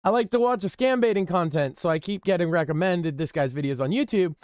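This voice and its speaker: Smooth-voiced man hosting a commentary stream. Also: high-pitched, brisk, darkish tone, no echo, clean studio sound. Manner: wry, offhand, reading out forum posts. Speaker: stream host.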